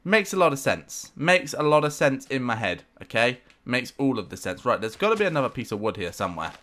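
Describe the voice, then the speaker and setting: A man giving excitable, self-mocking let's-play commentary, talking back to the game with sudden outbursts. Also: mid-range voice, brisk. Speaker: gameplay commentator.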